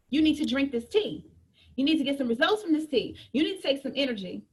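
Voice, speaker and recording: A woman's voice: high-pitched, expressive, fast talker. A woman giving an emphatic, joking business training talk, repeating her points and preaching to her team.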